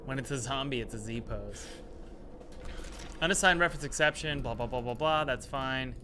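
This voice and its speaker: A man casually talking through his game development work at his computer, chatty and thinking out loud with exasperated asides. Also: mid-range voice, normal speed, noisy background. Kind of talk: casual devlog commentary while working.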